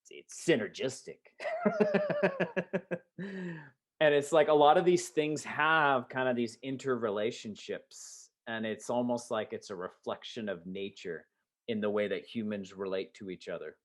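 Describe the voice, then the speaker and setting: A man's voice: mid-range voice, steady tone, normal speed. A young adult man, a former teacher, chatting casually on a podcast, rambling with many fillers and frequent laughs. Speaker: podcast co-host. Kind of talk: casual chat.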